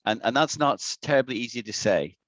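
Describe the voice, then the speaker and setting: A man's voice: mid-range voice, animated, quick pace, fairly bright tone, dry recording, lo-fi sound. A man with an Irish accent teaching an online English lesson over a video call, patiently repeating words to demonstrate them. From Ireland.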